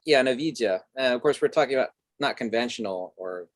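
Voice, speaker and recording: A man's voice: mid-range voice, animated, quick pace, no echo. A man speaking as a podcast guest, explaining ideas in a discursive, lecturing way with many fillers. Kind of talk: philosophical conversation.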